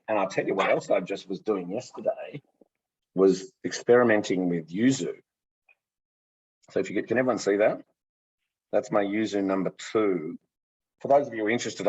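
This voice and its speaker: A distillery co-founder with a low, husky voice presents a gin tasting with enthusiasm, casually stumbling over repeated words as he goes. The sound is muffled and slightly lo-fi.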